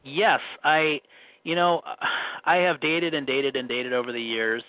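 A man's voice: medium pitch, steady tone, a little slow, no room sound. A man with a Minnesota accent telling long stories in casual chat, restarting and repeating himself as he rambles. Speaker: guest telling dating stories. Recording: tinny phone line, dry.

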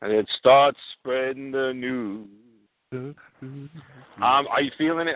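A man's voice: medium pitch, slow. A man calling in and rambling through a boastful story with lots of fillers. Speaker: caller. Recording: tinny phone line, dry.

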